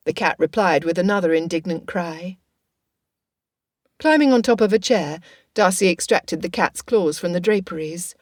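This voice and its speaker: Low-voiced woman narrating an audiobook. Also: moderate pace, a little mellow, no echo, clean studio sound.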